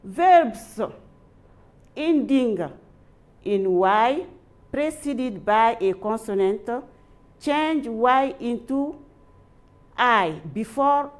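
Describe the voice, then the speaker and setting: A woman's voice: fairly high pitch, animated, very slow, long pauses. A woman with a Malian accent teaching an English grammar lesson, saying each phrase twice as if dictating to students. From Mali.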